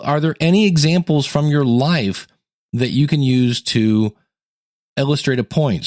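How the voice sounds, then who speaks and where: A man hosting a teaching podcast in a casual, conversational way, acting out quotes with sudden jumps in pitch. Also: darkish tone, no room sound, studio quality. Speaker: podcast coach and host.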